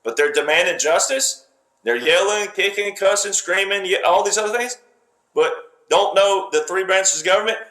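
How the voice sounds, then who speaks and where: A man's voice: sits high, moderate pace, pushed and bright. A man giving political commentary in an emphatic, lecturing way, repeating himself and talking in fragments. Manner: emphatic, repetitive, speaks in fragments. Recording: roomy echo.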